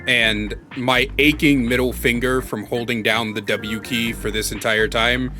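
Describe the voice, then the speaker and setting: A man's voice: mid-range voice, steady tone, unhurried, sharp tone, soft background music. A man giving casual, rambling commentary as he plays a block-building game, sometimes yelping and pleading in panic. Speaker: Minecraft let's play host.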